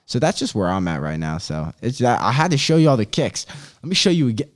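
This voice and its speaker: A man's voice: medium pitch, big pitch swings, fast talker. A man in his twenties hosting a casual podcast chat. He rambles in loose slang, swears freely, and keeps throwing in "bro" and "dude". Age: 20s. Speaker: podcast host.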